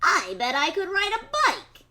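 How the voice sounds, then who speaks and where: A woman voicing an eager little male duck who rides a bike, in a high, excited, loud voice. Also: normal speed, a little hiss or hum, exaggerated voice.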